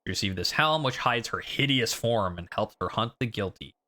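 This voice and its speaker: Bright-voiced rambling male game streamer. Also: on the low side, animated, normal speed. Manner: rambling, self-deprecating. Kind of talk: casual gameplay commentary.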